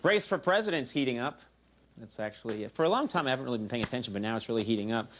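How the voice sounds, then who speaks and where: A man's voice: mid-range voice, lively intonation, rapid-fire, a little hiss or hum. A man hosting a late-night show, delivering a comedy monologue with self-mocking asides on a studio stage. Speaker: talk show host. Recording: live studio audience laughter and applause.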